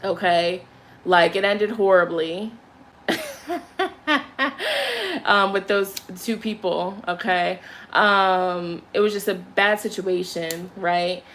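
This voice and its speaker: There's a little hiss or hum behind this young tarot reader's lowish voice. She talks slowly with long pauses, casually recounting a story full of curse words, lively and conversational, before moving on to a candle ritual.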